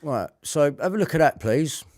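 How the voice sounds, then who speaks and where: A man's voice: a little high, animated, normal speed, a little mellow, no room sound, clean studio sound. A man delivering a heated, repetitive rant to camera, swearing often. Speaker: vlogger.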